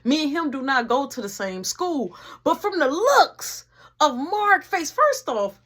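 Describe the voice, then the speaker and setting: A woman telling a dramatic story in a casual, animated storytime manner. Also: high-pitched, unhurried. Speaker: vlogger.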